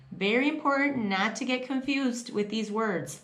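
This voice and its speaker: A young woman teaching English pronunciation on camera. She models each sound slowly and often checks in with the learner. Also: mid-range voice, a bit bright.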